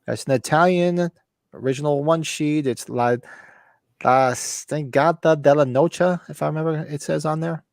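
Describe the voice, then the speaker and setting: A man's voice: on the high side, moderate pace, gravelly, dry recording, studio quality. A man co-hosting a casual live podcast, telling rambling, profane stories about his collection. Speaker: podcast co-host. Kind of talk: casual chat.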